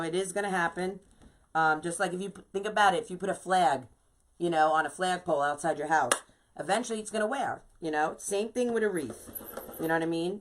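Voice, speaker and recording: A woman's voice: medium pitch, a little hiss or hum, low-quality recording. Chatty New York woman teaching crafts. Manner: chatty, many "you know"s, greets viewers by name. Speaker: craft shop owner hosting a live wreath-making stream. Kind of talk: casual live craft tutorial.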